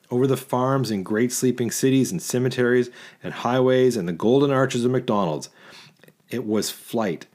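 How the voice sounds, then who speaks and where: A man narrating a literary short story in a measured, rhythmic reading. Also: medium pitch, darkish tone. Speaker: audiobook narrator.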